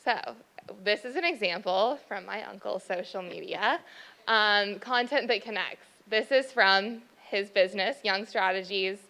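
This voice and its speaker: Bright, smooth young woman presenting. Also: mid-range voice, a little slow, poor audio. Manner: teasing, upbeat. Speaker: presenter on marketing. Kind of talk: presentation with banter.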